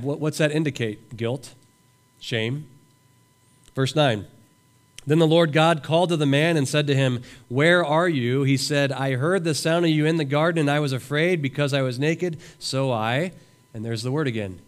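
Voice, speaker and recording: An earnest male pastor preaching at a camp session, moving between scripture reading and acted-out prayers. His voice sits at an ordinary male pitch, neither high nor low, and he presses his points with steady conviction. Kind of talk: sermon. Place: camp meeting room.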